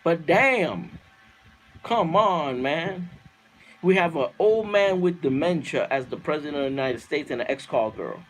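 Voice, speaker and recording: Fiery high-voiced man ranting profanely. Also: animated, measured pace. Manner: fiery, profane, repeats himself, laughs at own lines. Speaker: livestream host reading viewer comments. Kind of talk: heated political rant on a livestream.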